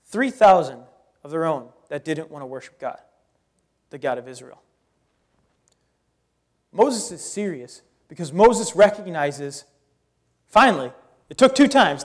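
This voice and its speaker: A male pastor preaches with a fairly high voice. He tells the story in an animated way and breaks into casual, joking asides. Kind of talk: sermon.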